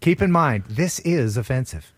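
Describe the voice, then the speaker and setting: A man's voice: medium pitch, lively intonation, moderate pace, dry recording, studio quality. A man co-hosting a radio call-in game, teasing and egging on his partner. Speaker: radio co-host.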